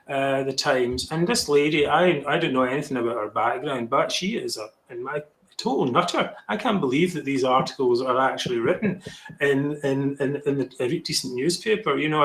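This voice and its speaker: A man's voice: medium pitch, a bit bright. A man hosting a podcast, rambling and exasperated, with frequent restarts. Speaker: podcast host. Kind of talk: casual podcast commentary. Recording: echoey room on a call.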